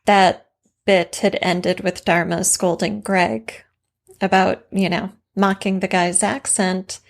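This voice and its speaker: Woman co-host, fry in the voice, casual and reflective. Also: mid-range voice, level tone, slow. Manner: conversational, reflective, warm affirmations. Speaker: writing podcast co-host. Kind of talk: casual craft discussion.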